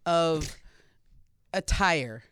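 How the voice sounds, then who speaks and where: A woman's voice: sits low, animated, drawn-out words, a bit bright, clean tone, dry recording. A woman co-host in casual studio banter, teasing and opinionated.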